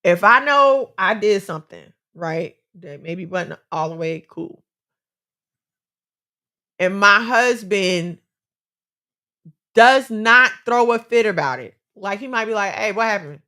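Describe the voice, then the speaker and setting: A woman's voice: medium pitch, animated, slow pace, pauses often, pushed and bright. A woman co-hosting a casual chat, giving earnest, faith-based relationship advice and repeating phrases for emphasis.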